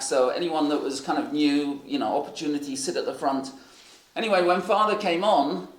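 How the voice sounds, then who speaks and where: A man preaching, telling rambling anecdotes full of fillers. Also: fairly high pitch. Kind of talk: sermon storytelling. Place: church hall. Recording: echoey hall.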